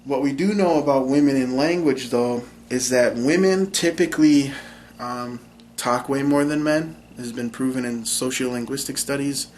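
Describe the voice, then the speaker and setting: A man's voice: mid-range voice, normal speed, darkish tone, a little hiss or hum. Hesitant young man explaining language. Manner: hesitant, lots of ums. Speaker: language channel host. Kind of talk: casual explanatory talk.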